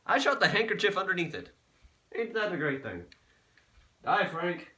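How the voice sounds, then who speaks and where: A man's voice: high-pitched, sing-song, fairly quick, very noisy. A man vlogging in a casual, crude and joking way, cursing often. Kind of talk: casual vlog commentary.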